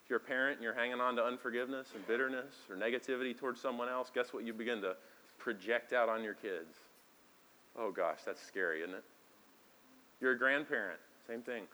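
A man preaching a sermon as pastor, talking conversationally and moving between quiet asides and loud, emphatic lines. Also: mid-range voice, a little fast. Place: church sanctuary.

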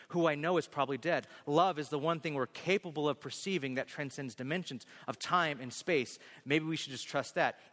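A man reading as a soft-spoken female scientist. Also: mid-range voice, close to an everyday voice. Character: earnest female scientist, softly pleading. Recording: long hall reverb.

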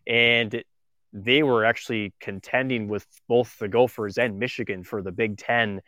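A man's voice: fairly low pitch, steady tone, measured pace, bright, forceful tone, no echo, studio quality. A man co-hosting a casual hockey talk, dropping wry jokes and many filler sounds. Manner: wry, joking, heavy on fillers. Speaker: co-host.

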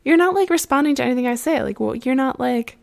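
A woman voicing a bearded female circus performer who chatters on about her travels and complains, in a slightly raised voice with vocal fry. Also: high-pitched, expressive, fast, darkish tone, pitched above the performer's own voice. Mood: chatty, complaining. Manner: talkative, rambling complaints.

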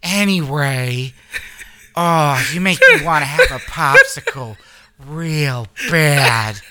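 Brief: a man doing a flirty middle-aged woman, crude and drawling, high and bright. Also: wildly swooping pitch, smooth, full character voice. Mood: sultry. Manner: slow, drawn-out sultry drawl.

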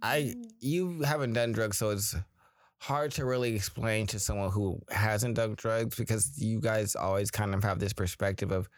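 A man's voice: on the low side, fairly even intonation, a little slow, no room sound, studio quality. A man co-hosting a podcast, explaining his point of view in a casual chat, with some hesitant restarts. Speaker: podcast co-host.

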